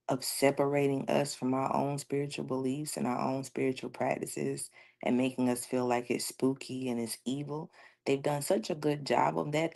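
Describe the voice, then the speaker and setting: A woman's voice: very deep voice, vocal fry, darkish tone. A woman in her thirties speaking as a radio show guest, earnest and storytelling, laughing often. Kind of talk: casual talk radio conversation.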